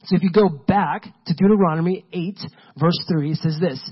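Husky man preaching casually, lo-fi sound. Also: fairly high pitch, moderate pace. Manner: casual, conversational preaching with many fillers. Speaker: pastor. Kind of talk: sermon.

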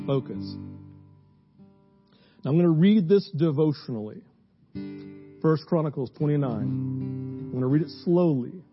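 A man preaching a sermon to a congregation, with emphatic scripture reading that turns into slow, hushed prayer. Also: on the high side, lively intonation, highs cut off, over music. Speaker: pastor. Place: church before a congregation.

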